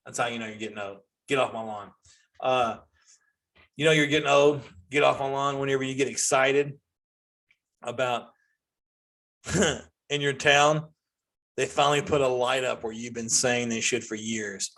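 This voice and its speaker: A man, ranting through a casual comedy monologue as host. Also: moderate pace. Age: 40s. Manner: ranting, animated, jumps to high-pitched outbursts.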